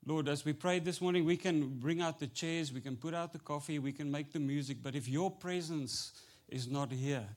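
A man with an Afrikaans accent delivers a sermon, his voice sitting a little higher than most men's. He jokes easily, slips between English and Afrikaans, and pushes into loud, emphatic preaching. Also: normal speed, few pauses. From South Africa. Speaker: pastor. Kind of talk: humorous sermon.

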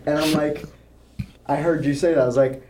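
A young man co-hosting a podcast, chatting casually, animated and laughing, swearing freely. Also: fairly high pitch, normal speed, slight background noise. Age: young adult. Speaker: podcast co-host. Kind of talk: casual chat.

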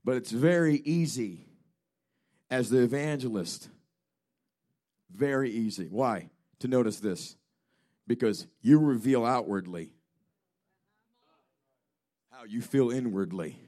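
A man's voice: mid-range voice, takes it slowly, pauses often, warm tone. A man preaching a fervent, declamatory revival sermon as a traveling evangelist in a church. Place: church during a revival service.

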